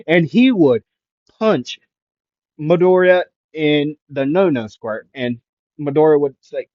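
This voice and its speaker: A man's voice: fairly high pitch, animated, slow pace, long pauses, dry recording, muffled recording. A man improvising a fan fiction story in a rambling way, full of fillers.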